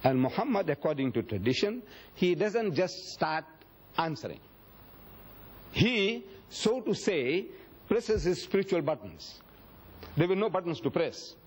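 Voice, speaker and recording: A husky, slightly high-voiced man gives a public religious lecture. He tells his points as dramatic stories and acts out the quoted speech. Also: very animated, unhurried, pauses often. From South Africa. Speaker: Islamic lecturer.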